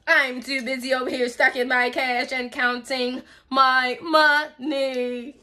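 Woman, tarot reader, high voice, sharp bright tone, sassy and emphatic delivery. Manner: sassy, emphatic, drawn-out stresses with pet names. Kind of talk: tarot reading channeling messages.

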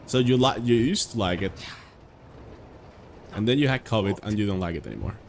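A man's voice: lowish voice, fairly quick, a little hiss or hum. A young man streaming a video game live, chatting casually with viewers and reacting aloud to the game. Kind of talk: casual live gameplay chat.

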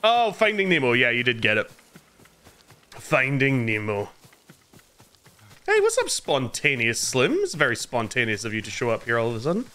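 A man's voice: mid-range voice, big pitch swings, normal speed, pauses often, pushed and bright. A man livestreaming a game, chatting casually and jokingly and greeting viewers by name. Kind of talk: casual gameplay commentary.

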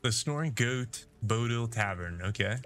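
A man's voice: mid-range voice, lively intonation, a little slow, a bit bright, soft background music. A man giving casual, jokey, self-deprecating commentary while playing a video game. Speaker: gameplay streamer. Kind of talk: casual let's-play commentary.

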